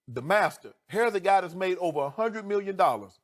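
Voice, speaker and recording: An animated middle-aged man, a TV sports commentator, pushes his argument with heat and indignation. He starts low and measured, then gets loud and strings together rhetorical questions.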